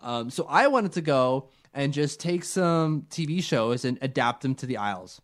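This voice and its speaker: A man's voice: mid-range voice, expressive, moderate pace. A young man co-hosting a casual sports chat, joking and acting out silly voices as he talks. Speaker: podcast co-host.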